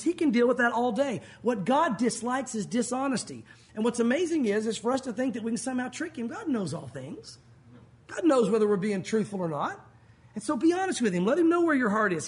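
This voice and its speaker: A male pastor with a strikingly high, husky voice delivers a sermon. He talks in a conversational way, leaning hard on key words for emphasis and slipping in light humor.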